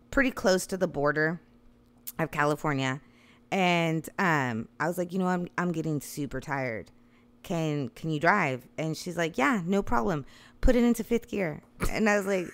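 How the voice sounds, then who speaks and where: A woman's voice: lowish voice, normal speed. A woman in her thirties casually telling a long funny story, swearing freely and laughing along the way. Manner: profane, animated, laughing. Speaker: storyteller guest.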